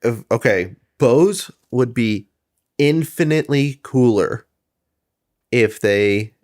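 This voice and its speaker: Young male co-host, lively swinging intonation, easygoing joker in loose conversation. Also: mid-range voice, takes it slowly. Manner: jokey tangents, laughs easily. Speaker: podcast co-host. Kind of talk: casual banter.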